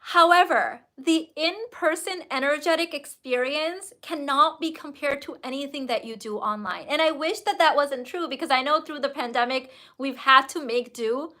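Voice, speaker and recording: A high-pitched woman coach talks to her viewers in a casual livestream. Her voice is bright and forceful. She is gushing and emphatic and throws in the odd curse word. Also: moderate pace, few pauses. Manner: effusive and emphatic, with casual swearing. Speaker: business coach and host.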